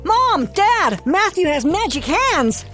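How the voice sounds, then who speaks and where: An eager, excitable little brother, voiced by a woman, high and bouncing with lively swings in pitch. Faint music hums behind the storytelling. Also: normal speed, exaggerated voice. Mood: insistent. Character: excited young boy, the brother.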